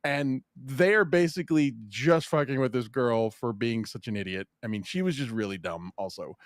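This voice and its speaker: A man's voice: medium pitch, normal speed, dry recording, studio quality. A man hosting a podcast, retelling a story in casual, profane chat. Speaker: podcast host.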